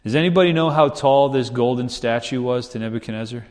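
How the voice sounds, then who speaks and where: A man's voice: mid-range voice, quick pace. Fervent male preacher in a reverberant hall. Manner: fervent, emphatic repetition, rising to bursts. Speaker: pastor. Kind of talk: sermon.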